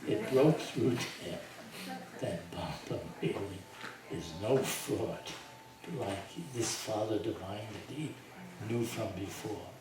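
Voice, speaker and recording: An older man telling a story to a group, slowly and with lively voiced quotes. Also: lowish voice. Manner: slow, animated retelling with voiced quotes and laughs. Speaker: speaker telling his life story to a group. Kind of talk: storytelling talk. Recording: echoey hall from far off, audible noise.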